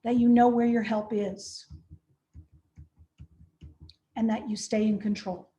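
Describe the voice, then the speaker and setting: Woman trainer, fairly high voice, direct and practical, checks in with the audience. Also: level tone, moderate pace, warm tone. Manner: practical, repeats "right?" to check understanding. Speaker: conference trainer. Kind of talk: training presentation.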